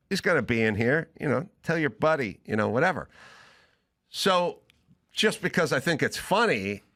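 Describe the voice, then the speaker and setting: A comedian who hosts a talk show tells a story casually and with animation, acting out both sides of a phone call. He is a podcast host, and his pitch is medium.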